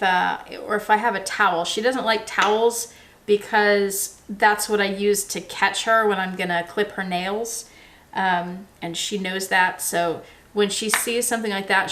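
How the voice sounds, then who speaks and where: Woman, casual vlog chat, relaxed, chatty, mid-pitched voice, patient explainer. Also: a little hiss or hum. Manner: chatty and relaxed, with frequent ums and restarts; explains patiently with everyday examples. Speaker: vlogger.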